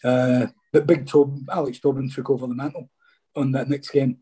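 Middle-aged man, ex-footballer guest, husky and dark, chatty yarn-teller. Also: mid-range voice, level tone, moderate pace. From Scotland. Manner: chatty, peppers speech with "mate". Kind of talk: casual interview storytelling.

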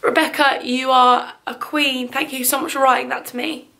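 A woman's voice: high-pitched, flat delivery, normal speed, creaky, bright, forceful tone. A young English woman vlogging, gushing and tearful as she talks to her viewers. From England. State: teary. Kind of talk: emotional vlog chat.

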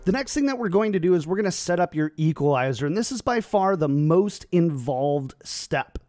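A man hosting a tech tutorial, giving upbeat, clear explanations at a home streaming setup. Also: on the high side, lively intonation, moderate pace, darkish tone, faint music behind.

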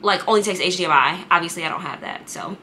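A young woman chats casually to her vlog viewers, full of fillers and asides. Her voice is bright and forward, and a faint hiss of background noise sits under the recording. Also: on the low side, fast. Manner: chatty, filler-heavy, talks straight to viewers. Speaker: vlogger.

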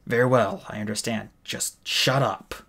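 A man's voice: lowish voice, fairly even intonation, normal speed, gravelly, a bit bright, breathy edge, exaggerated voice. A man voicing a huge male bodyguard, blunt and commanding, as he reads an audiobook. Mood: menacing. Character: huge menacing male bodyguard, calm and threatening.

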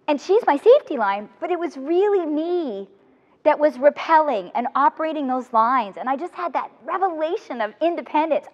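A woman speaker telling an animated, humorous story to a room of student teachers. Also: high-pitched, fairly quick. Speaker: motivational speaker. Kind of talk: lively talk to student teachers. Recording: long hall reverb, dull lo-fi sound.

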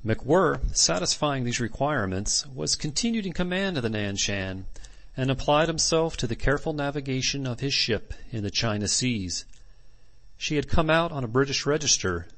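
A man narrating a classic novel as an audiobook in measured, deliberate phrases. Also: mid-range voice, expressive, fairly bright tone.

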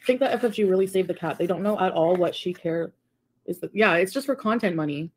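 A woman's voice: on the low side, fast talker, slightly rough. A young adult woman on a casual livestream, reading viewer comments aloud and adding sarcastic asides.

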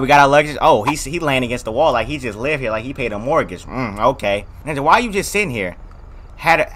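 A man giving let's play commentary on a horror game, loud and jumpy, joking through his reactions in heavy slang. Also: medium pitch. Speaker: gaming video creator.

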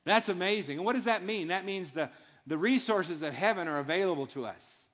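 A man's voice: sits high, animated, fairly quick, a bit bright. A man preaching a sermon in a church, emphatic and built on short repeated phrases. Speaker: pastor. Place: church sanctuary. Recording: long hall reverb.

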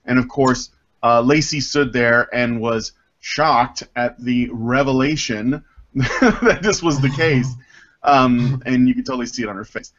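A man's voice: mid-range voice, a little slow, a bit bright, slight background noise. A man hosting a casual group podcast, reading a listener's letter aloud with jokey asides and frequent ums. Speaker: podcast host. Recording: dull lo-fi audio.

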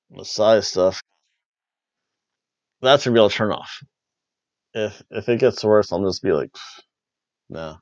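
A man hosting a wrestling review podcast, rambling and joking, jumping between loud bursts and mumbled asides. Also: on the low side, dry recording, muffled recording. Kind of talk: casual review chat.

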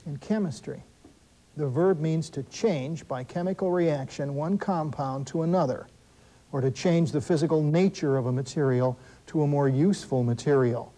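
A man hosting a school quiz show, reading questions briskly and adding wry asides and corrections for the teams. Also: fairly high pitch, mellow, low-quality recording. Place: television studio.

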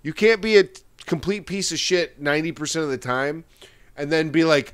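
A man's voice: a little high, normal speed, smooth. A man hosting a podcast, ranting and swearing in casual commentary. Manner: profane, ranting, animated. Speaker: podcast host.

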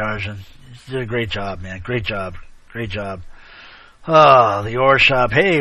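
Chatty male online show host, bright tone. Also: mid-range voice, dry recording. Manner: rambling, chummy, sarcastic asides, frequent shout-outs. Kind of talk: casual chat, rambling commentary.

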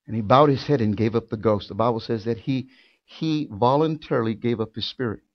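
A man preaching a sermon in a church, building from quiet, drawn-out lines to loud, fervent shouting. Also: mid-range voice, muffled recording. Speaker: pastor. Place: church sanctuary.

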